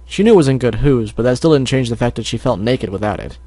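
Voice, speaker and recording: A man's voice: medium pitch, lively intonation, fast talker, dark tone, no room sound. A man reading fan fiction aloud as an amateur audiobook, sometimes stumbling and correcting himself. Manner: narrates with stumbles and self-corrections.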